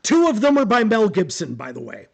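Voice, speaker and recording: High-voiced man ranting about history. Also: brisk, vocal fry, breathy edge. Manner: animated, opinionated, stumbles and repeats words. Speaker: history guest on a live stream. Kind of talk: casual live Q&A chat.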